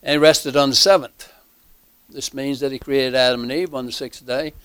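A man teaching a Bible class, slow and halting, with many fillers and emphatic repeats. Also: medium pitch, fairly even intonation, a bit bright, clear, resonant tone, no echo. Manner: emphatic repetition.

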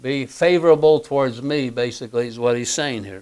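A man teaches scripture verse by verse in a smooth, resonant voice of ordinary pitch. He pauses often with fillers and keeps clearing his throat, then reads the old-fashioned verses aloud. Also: fairly even intonation, a little mellow. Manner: halting, full of fillers and frequent throat clearing. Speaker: Bible teacher.

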